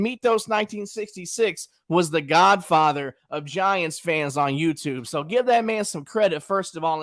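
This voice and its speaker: A man's voice: high voice, a bit bright. A man hosting his own livestream, casually trash-talking a rival in colloquial slang and talking straight to his chat. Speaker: channel host.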